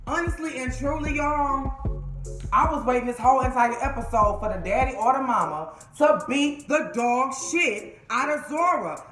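A woman with an African American Vernacular English accent, profanely and dramatically recapping a TV episode in a casual vlog. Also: sits high. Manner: sassy, profane, dramatic retelling with acted quotes. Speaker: TV show reviewer. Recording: echoey room with music behind.

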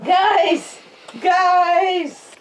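A woman vlogging a casual unboxing at home, chatty and excitable, cooing at her dogs. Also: extremely high pitch, drawn-out words, slight background noise.

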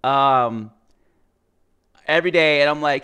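A man's voice: mid-range voice, measured pace, a bit bright, smooth. Exasperated man ranting at his computer. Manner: rambling and exasperated, with fillers, restarts and swearing. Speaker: gaming video creator. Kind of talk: casual screen-share rant.

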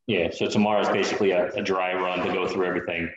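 Very deep-voiced man in an echoey room. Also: little pitch movement, racing, muffled recording, crowd noise. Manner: brief, plain remarks. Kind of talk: business meeting talk.

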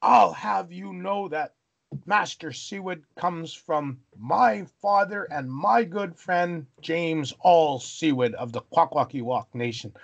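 A man's voice: on the high side, gravelly, husky, pitched above the performer's own voice, heavily acted. A man voicing an indignant older male school governor in a stern, formal rebuke.

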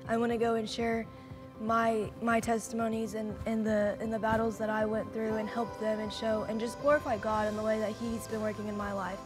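A woman's voice: fairly high pitch, little pitch movement, fairly quick, music in the background. An eighteen-year-old woman giving a sincere personal church testimony. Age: young adult.

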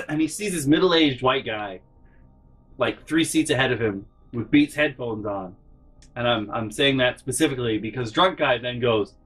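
A man telling a funny story in a profane, animated way, acting out the people in it. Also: mid-range voice, normal speed, slightly rough, faint music behind, low-quality recording. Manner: animated, profane, acts out every character. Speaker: storytelling comedy vlogger. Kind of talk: comedic storytelling.

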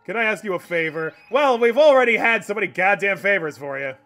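A man's voice: sits high, animated, a little fast, fairly bright tone. A man streaming a video game, reading the dialogue aloud and joking, swearing and laughing often. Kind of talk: let's play commentary.

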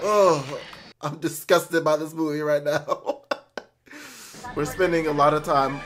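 A man reacting to a film for viewers, jumpy and loud, screaming, swearing and talking straight to his audience. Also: on the high side, expressive, slow pace, long pauses, faint music behind. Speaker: movie reactor.

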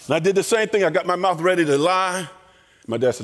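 A man telling lively family stories in a chapel sermon, acting out the voices. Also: high voice, quick pace, long reverb tail. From American South. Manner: animated storyteller acting out voices. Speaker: chapel speaker. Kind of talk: storytelling sermon. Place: college chapel.

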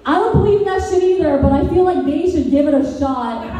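A high, mellow-toned woman works through a stand-up set with deadpan dark one-liners, now and then drifting into a sing-song lilt. Her voice comes from some distance away and rings through a very echoey room. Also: fairly quick. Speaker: stand-up comedian.

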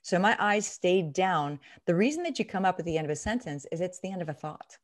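A middle-aged woman with a low voice coaches a listener through a reading technique. She talks emphatically, often acting out examples as she teaches. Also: animated, brisk. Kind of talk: instructional interview.

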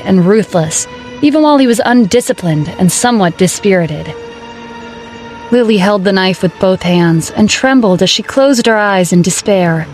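A woman reading a dramatic story aloud as narrator, in a steady storytelling manner. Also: mid-range voice. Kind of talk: scripted narration.

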